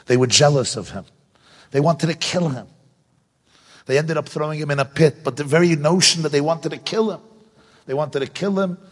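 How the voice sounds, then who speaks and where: A man teaching a Torah lesson in sermon style, animated and full of rhetorical questions. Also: fairly high pitch, slightly rough. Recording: long hall reverb.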